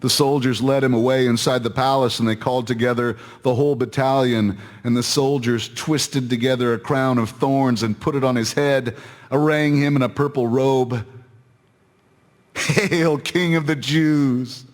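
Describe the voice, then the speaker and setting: A man giving a measured, solemn, dramatic scripture reading. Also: mid-range voice, steady tone. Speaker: scripture reader.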